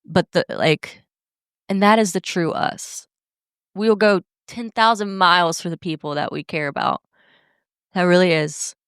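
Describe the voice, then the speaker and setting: A woman's voice: fairly low pitch, unhurried, a bit bright, clean tone, dry recording, clean studio sound. A young woman hosting a podcast, talking in a candid, blunt way and swearing freely in a casual monologue. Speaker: podcast host.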